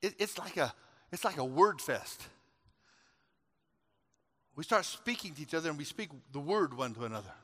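A man preaching a sermon. He tells a folksy story and builds up to shouted exhortations. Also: a little high, animated, normal speed, long pauses. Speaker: pastor. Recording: long hall reverb.

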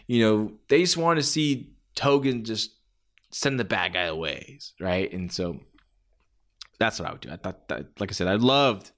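Rambling man acting out quotes. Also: mid-range voice. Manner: rambling, animated, acts out quotes in a raised shouty voice. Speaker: wrestling fan commentator. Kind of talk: casual podcast-style monologue.

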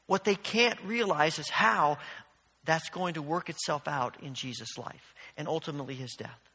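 A man's voice: sits high, bright, forceful tone, big-room sound. A man preaching a sermon as pastor, earnest and storytelling, often restarting his phrases.

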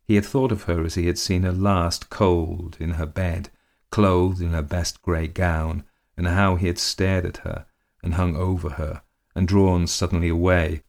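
A man narrates an old short story in a very low, deep voice. His telling is measured and unhurried. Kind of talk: reading a classic short story.

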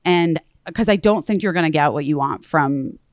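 Woman host, lower voice, animated storyteller, swears a lot, dry close sound. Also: moderate pace, dry recording. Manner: animated, swears freely, acts out both sides of conversations. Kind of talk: casual chat, storytelling.

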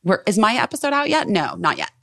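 A woman's voice: mid-range voice, huge pitch swings, gravelly, bright, forceful tone. A woman in her forties hosting a podcast in casual chat, gushing and effusive. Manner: gushing, effusive, quick to enthuse. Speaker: podcast host.

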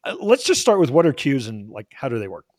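A man hosting a podcast interview, asking casual, halting questions. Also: medium pitch, huge pitch swings, darkish tone. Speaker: podcast host.

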